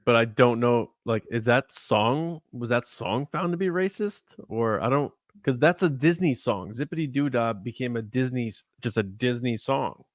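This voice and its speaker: A man's voice: medium pitch, animated, normal speed, hardly any pauses, dry recording. A man co-hosting a casual podcast chat, teasing and joking in a dry way. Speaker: podcast co-host.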